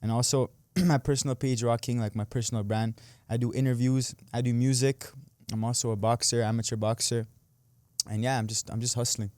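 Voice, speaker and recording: A man's voice: mid-range voice, level tone, fairly quick, a little mellow, no room sound. Laid-back young man, rambles with lots of "like", dry close sound. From Canada. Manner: laid-back, laughs easily, trails off with "like". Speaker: guest, online creator and amateur boxer. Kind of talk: casual interview chat.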